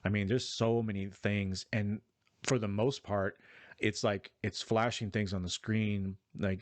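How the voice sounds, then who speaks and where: A man's voice: on the low side, fairly even intonation, measured pace, dry recording. A man giving a casual, rambling and profane spoken review of a video game. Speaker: gaming vlogger.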